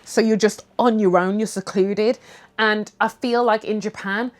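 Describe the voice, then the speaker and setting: A woman's voice: medium pitch, steady tone, unhurried. A young woman from the UK chatting candidly over tea, talking frankly, swearing casually and acting out little quotes. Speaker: vlogger.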